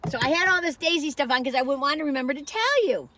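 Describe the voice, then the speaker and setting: A woman's voice: sits high, lively intonation, fast, bright, forceful tone, a little hiss or hum. A woman reviewing food in a casual vlog, chatting while she tastes and telling a rambling story that keeps losing its thread.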